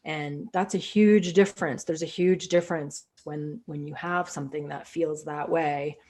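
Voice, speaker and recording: Woman, host, low voice, heartfelt, enthusiastic, video call. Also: fairly even intonation, normal speed, a little mellow. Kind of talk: casual interview talk.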